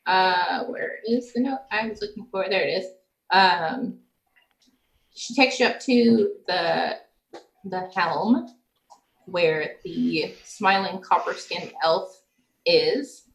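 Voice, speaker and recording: A woman's voice: on the low side, slow, creaky, pauses often, echoey room. A woman narrating a tabletop game as game master, chatty, with laughing asides.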